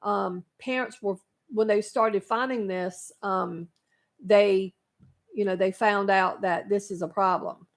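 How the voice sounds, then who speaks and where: A woman's voice: medium pitch, steady tone, takes it slowly. A woman co-hosting a talk radio show, earnestly explaining a concern with frequent ums. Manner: earnest, informative, many ums.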